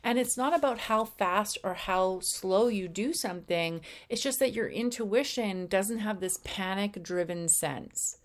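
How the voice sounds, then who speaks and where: A woman's voice: medium pitch, unhurried, few pauses. Woman doing a casual spiritual talk, chatty, stumbles and restarts a bit. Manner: acts out voices of ego and intuition; conversational, with slips and restarts. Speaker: spiritual speaker.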